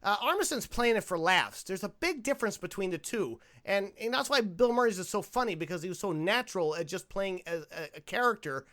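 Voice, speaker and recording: A young man riffing on a film for his podcast, voice pitched high for a man and bright with some edge to it. he talks in an animated, wandering way that keeps circling back, and he breaks into laughs often. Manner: animated and rambling, quick to laugh. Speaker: podcast host. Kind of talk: casual movie commentary.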